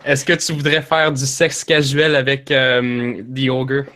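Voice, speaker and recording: A man's voice: medium pitch, flat delivery, a little slow, bright, forceful tone. Laughing man. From Quebec. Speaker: guest. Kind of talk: casual livestream chat.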